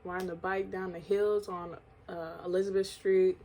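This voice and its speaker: A woman's voice: lowish voice, flat delivery, moderate pace, mellow. A woman from New York telling a candid, slangy storytime vlog, swearing often and laughing between lines. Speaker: vlogger.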